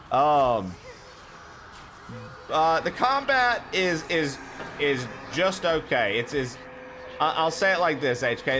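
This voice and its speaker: Chill dude streaming games, rambly and sweary, medium pitch, slight background hiss. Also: male voice, fairly bright tone. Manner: laid-back, rambling, swears freely, chats with viewers. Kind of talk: casual gaming stream chat.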